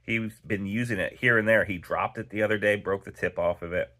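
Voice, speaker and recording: A man's voice: on the low side, steady tone, fairly quick, pushed and bright. A man hosting a knife channel, chatting casually and rambling through a story while he cleans a knife. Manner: rambling and conversational, with many fillers.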